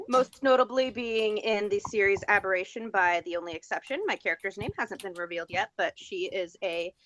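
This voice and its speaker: A woman voice actress speaking softly and a little hesitantly in a casual cast chat. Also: mid-range voice, fairly quick. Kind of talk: casual group video chat. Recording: faint noise, slightly distant.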